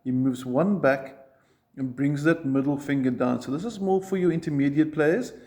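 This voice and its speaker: A man's voice: on the high side, moderate pace, a little mellow. A man teaching a ukulele lesson, explaining chord shapes step by step and counting strums aloud. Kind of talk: music lesson.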